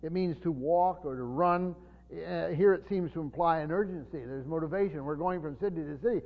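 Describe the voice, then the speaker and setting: A man's voice: on the high side, a little fast. A man teaching a Bible sermon as a pastor, earnest and explanatory, with frequent fillers and restarts. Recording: dull long-reverb hall sound.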